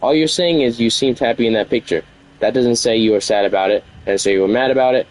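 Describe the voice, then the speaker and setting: A man's voice: medium pitch, fast, a little mellow, low-quality recording. A man streaming, venting at length about an argument in an aggrieved, rambling, repetitive way.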